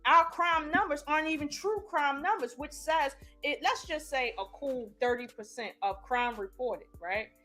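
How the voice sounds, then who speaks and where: A woman's voice: sits high, moderate pace, hardly any pauses, pushed and bright, faint music behind. A woman on a live-stream panel, arguing her point emphatically in casual debate. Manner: argumentative, emphatic.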